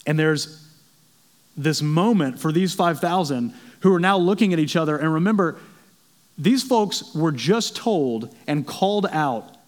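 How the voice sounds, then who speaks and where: A man's voice: a little high, animated, unhurried. A man in his thirties preaching a sermon to a congregation, conversational and self-deprecating, telling stories as he goes. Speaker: pastor.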